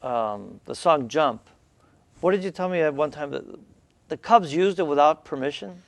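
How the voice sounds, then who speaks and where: A man's voice: fairly high pitch, lively intonation, normal speed, creaky. A male show host asking rambling, joking questions in a casual interview chat.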